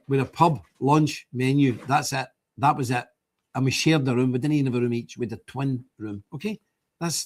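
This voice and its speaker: An older man, hosting a livestream and talking to his viewers in an indignant, rambling way, repeating himself as he goes. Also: fairly high pitch. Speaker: livestream host.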